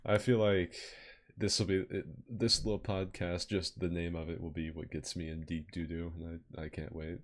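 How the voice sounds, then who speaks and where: A man's voice: low-pitched, level tone, moderate pace. A man hosting a podcast in casual chat, swearing and self-mocking, often laughing. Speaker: podcast host.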